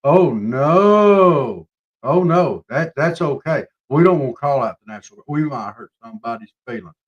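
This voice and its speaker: A man ranting on a live talk show, mocking and swinging between loud outbursts and low mutters. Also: expressive, normal speed, lo-fi sound. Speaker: show co-host. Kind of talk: casual political chat.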